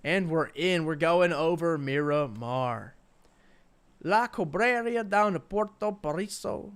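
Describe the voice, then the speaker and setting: A man's voice: a little high, expressive, takes it slowly, clear, resonant tone. A man with a New York accent hosting and casting an online game tournament, chatting loosely with viewers between plays. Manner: chatty, rambling asides to viewers. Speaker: tournament host and spectator caster. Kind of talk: live-streamed game commentary.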